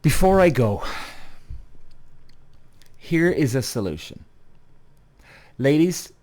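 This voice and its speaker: A man's voice: a little high, sing-song, slow, a little mellow. A man in his thirties hosting a podcast, ranting heatedly with frequent swearing and repetition, speaking straight to his listeners. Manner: heated, swearing, repeats himself, addresses listeners as guys. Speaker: podcast host. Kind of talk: animated solo podcast rant.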